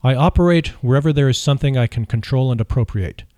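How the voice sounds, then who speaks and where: The Devil, a sinister male spirit, boasts of his powers in one steady declarative list after another, as a man reads him aloud. His voice sits in a middle pitch and sounds dry and close, with no room around it. The delivery is plain rather than theatrical, measured and self-assured. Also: no echo, lightly acted. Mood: boastful. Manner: declarative, self-proclaiming lists.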